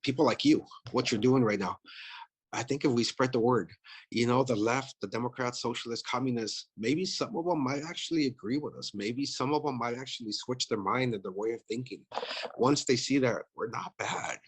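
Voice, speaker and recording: A man's voice: mid-range voice, normal speed, breathy edge. A man running for office, talking bluntly and profanely in a casual interview, with lots of "you know" fillers. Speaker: political candidate.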